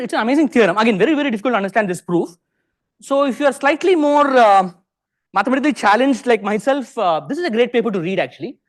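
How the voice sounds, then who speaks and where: Animated Indian man giving a lecture. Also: sits high. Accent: Indian English. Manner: animated, peppers sentences with rhetorical questions. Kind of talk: conference lecture to a live audience. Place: lecture hall.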